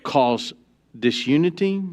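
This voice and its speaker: A pastor preaching a sermon, joking with the congregation and swinging from low asides to loud, emphatic peaks. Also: male voice, expressive, takes it slowly. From Texas. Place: church sanctuary.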